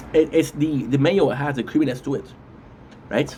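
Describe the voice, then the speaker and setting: A man's voice: on the high side, steady tone, moderate pace, noisy background. Chatty man eating on a live stream. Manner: rambling, chatty, with many restarts and mm sounds while eating. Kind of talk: casual live-stream chat while eating.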